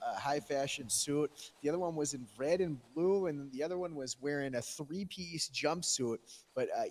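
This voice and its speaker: A man's voice: on the high side, a little mellow. A man telling a rambling, profane tall tale in character during a role-play game. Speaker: role-playing police character.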